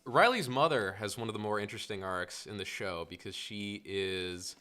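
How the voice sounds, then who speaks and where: A man in casual podcast chat, his lowish voice bright and forceful. His tone stays smooth and crisp as he works through his points, peppering them with "like.". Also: normal speed. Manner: thoughtful, many "like" fillers. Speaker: podcast co-host. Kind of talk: casual film discussion.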